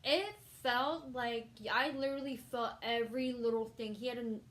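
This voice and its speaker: A woman's voice: a little high, fairly even intonation, moderate pace, a bit bright. A young woman telling a story in a casual vlog, rambling with fillers, laughing and swearing freely. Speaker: vlogger.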